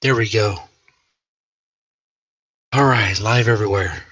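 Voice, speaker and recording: A man talks loosely and at length on his own live stream, swearing freely as he rambles. His voice sits a bit low and sounds husky, with a bright, forceful edge, and the recording is dry and close. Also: slow, far from the mic, poor audio. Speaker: livestream host. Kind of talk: casual chat.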